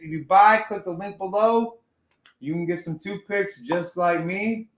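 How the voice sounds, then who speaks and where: A man's voice: sits high, a little slow, echoey room. A man plugging his merch and joking crudely during a casual live-stream chat. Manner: loose and crude, joking, trails off. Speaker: guest.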